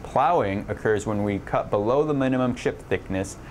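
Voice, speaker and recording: A man with a deep, low voice narrates an online engineering lesson in a steady, explanatory way. He stumbles now and then and fills pauses with small "uh"s. A faint air-conditioning hum runs underneath. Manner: explanatory, with occasional slips and fillers. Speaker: lecturer. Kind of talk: narrated online lab lecture.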